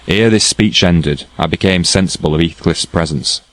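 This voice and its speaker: A man reads a classic novel aloud in a measured, steady way. His voice is very low and deep. The recording is dry and close, with no echo. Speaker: audiobook narrator. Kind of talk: scripted narration.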